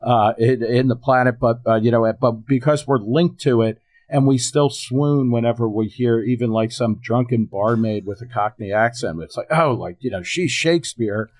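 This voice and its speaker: A man's voice: mid-range voice, fairly even intonation, moderate pace, hardly any pauses, darkish tone. A man on a discussion panel, blunt and profane, rambling with many fillers. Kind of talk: podcast discussion.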